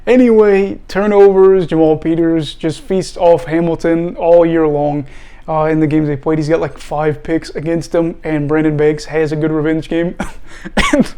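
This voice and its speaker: A man's voice: a little high, dark tone, clear, resonant tone. A man, a young adult, hosting a casual solo sports recap, chatty and often breaking into apologetic laughter. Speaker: sports channel host.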